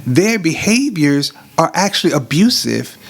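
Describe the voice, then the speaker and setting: A man co-hosting a talk show explains his views at length in a fairly high voice. He is earnest and fills his speech with "you know". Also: big pitch swings, unhurried, gravelly, breathy edge. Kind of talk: casual talk show conversation.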